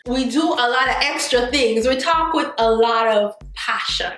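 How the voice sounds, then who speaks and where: A woman's voice: on the high side, a little slow, fairly bright tone. A Jamaican woman vlogging to camera, talking casually and expressively, slipping patois phrases into her English. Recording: roomy echo, faint music bed.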